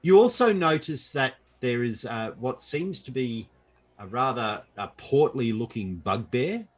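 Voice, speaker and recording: A man's voice: medium pitch, animated, a little slow, slightly rough. A man narrating a tabletop game as game master, describing the scene with frequent fillers over an online call.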